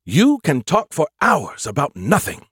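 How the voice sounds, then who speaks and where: A man voicing a sarcastic, boastful male AI companion with a snarky, lively way of talking for an audiobook. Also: on the high side, unhurried, breathy edge, no room sound, clean studio sound, pitched above the performer's own voice, full character voice.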